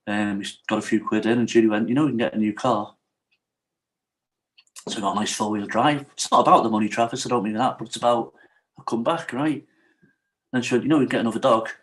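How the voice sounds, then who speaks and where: A man's voice: fairly low pitch, rough recording. A middle-aged man, a podcast guest telling his life story candidly and vividly, acting out what others said and often checking in with "right?". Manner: animated storyteller, acts out quotes, often asks "right?".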